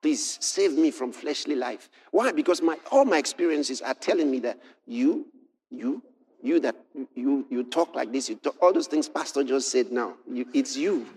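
A man preaching a sermon, telling a personal story and reading scripture, building to impassioned shouts. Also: mid-range voice, lively intonation, moderate pace, breathy edge.

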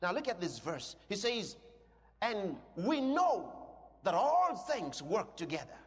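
A man with a very high, lively voice preaches with fervor, dropping to calm explanation and then rising to shouted proclamations. His words ring out with a long reverb, as if filling a large hall. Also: slow pace. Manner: emphatic, swings from quiet teaching to shouted declarations. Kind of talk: sermon.

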